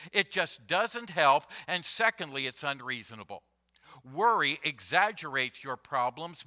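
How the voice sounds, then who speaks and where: A man delivers a sermon from the pulpit, unhurried and deliberate, circling back to repeat key phrases. His voice is strikingly bright and sits a little high for a man. He lets each point land before moving on. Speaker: pastor.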